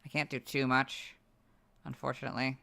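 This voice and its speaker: A young man who is losing his voice, muttering asides while editing on a livestream, then reading out stat entries loudly. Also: mid-range voice, level tone, moderate pace, creaky. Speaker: video creator editing on a livestream. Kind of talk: casual livestream chat and reading out stats.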